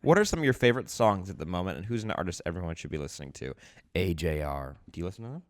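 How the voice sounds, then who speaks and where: A man co-hosting a podcast in casual chat, easygoing, quick to laugh and to agree. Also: low voice, very animated. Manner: easygoing, laughs often, short agreeing replies. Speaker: podcast co-host.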